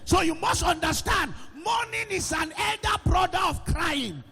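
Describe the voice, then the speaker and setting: A man with a Nigerian accent preaching a sermon in a church with a gallery, shouting in a sing-song way and asking the congregation whether they hear him. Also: very high-pitched, animated, unhurried, gravelly, long reverb tail, faint music behind.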